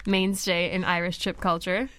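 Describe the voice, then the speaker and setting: A woman co-hosting a casual podcast, playful and quick to laugh. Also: fairly low pitch, little pitch movement, fairly bright tone. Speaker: podcast co-host.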